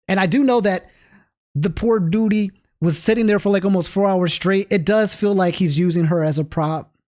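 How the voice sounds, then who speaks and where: A man livestreaming and talking casually to his chat, rambling with frequent restarts. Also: sits high. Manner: rambling, restarts often, animated asides to chat. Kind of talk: casual stream commentary.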